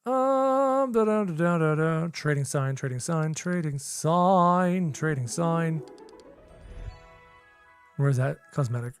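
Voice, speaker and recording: Animated young gaming streamer, lively pitch. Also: slow pace, soft background music. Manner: chatty, repeats phrases, talks to chat. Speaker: game streamer. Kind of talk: live gameplay commentary.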